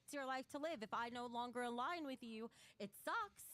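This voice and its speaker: A woman's voice: a little high, moderate pace, a bit bright. Blunt, profane woman streamer. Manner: blunt and profane, emotional, reading chat donations. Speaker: livestream host. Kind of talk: casual livestream chat to viewers.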